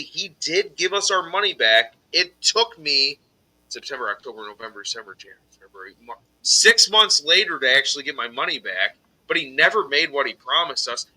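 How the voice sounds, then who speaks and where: A man on a collectors' live stream telling a heated story, swearing heavily and loudly acting out his own angry replies. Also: on the high side, low-quality recording. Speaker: podcast host telling a story. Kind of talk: casual live stream chat.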